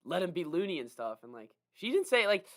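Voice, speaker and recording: A man co-hosting a podcast, chatting casually and nitpicking a movie with quick asides. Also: high voice, very animated, a bit bright. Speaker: podcast co-host. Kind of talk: casual movie review chat.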